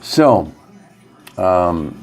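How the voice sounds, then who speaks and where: A man teaching about love and spirituality in a loose, rambling monologue. His voice sits on the low side, and he often stops and fills pauses as he goes. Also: very animated, darkish tone, soft background music. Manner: halting, rambling, frequent fillers. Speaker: yoga teacher.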